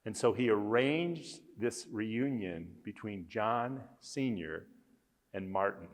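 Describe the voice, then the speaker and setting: A man's voice: lowish voice, slow pace, big-room sound. A man speaking as a conference speaker, earnestly telling a story with emphasis. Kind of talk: storytelling talk.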